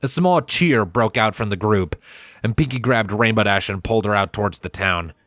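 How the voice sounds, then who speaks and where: A man narrating a fanfiction audiobook in the first person, with a measured storytelling delivery. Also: on the low side, a bit bright, dry recording, clean studio sound.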